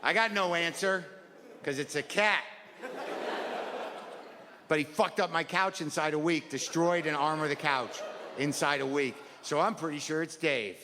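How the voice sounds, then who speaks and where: A man's voice: on the high side, a little slow, pauses often, background noise. A male stand-up comedian, rambling and neurotic, self-deprecating and profane, seated on a stage before a live audience. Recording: live hall recording with crowd laughter.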